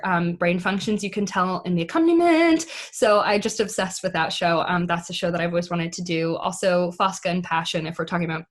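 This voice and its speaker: A woman speaking as an actress guest in a casual interview, chatty, with many fillers and easy laughs. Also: lowish voice. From United States.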